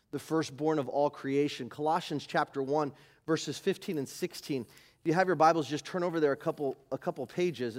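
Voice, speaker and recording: A man preaching a sermon as pastor, animated, moving from loud emphasis to quiet asides. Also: medium pitch. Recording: live church service.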